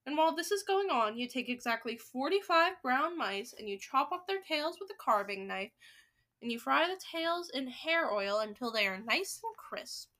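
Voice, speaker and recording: A commanding grand high witch, as a woman reads her. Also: expressive, pushed and bright, heavily acted. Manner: brisk, instructive recital of a recipe.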